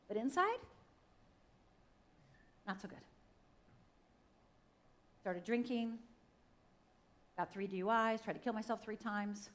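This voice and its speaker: A middle-aged woman from Upper Michigan, speaking as a guest at church, tells her personal testimony dramatically from the stage, voicing the characters and talking directly to the crowd. Her voice is on the high side, at normal speed, and she pauses often.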